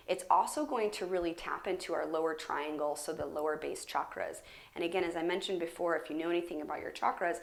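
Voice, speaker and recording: A young adult woman teaching a guided yoga class, explaining in a relaxed, casual way with plenty of fillers, recorded on a camera mic. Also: sits low, gravelly. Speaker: yoga instructor.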